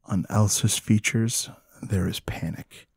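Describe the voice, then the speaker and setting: A man narrating as game master of a tabletop game, descriptive and unhurried. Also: on the low side, creaky, slightly rough, dry recording.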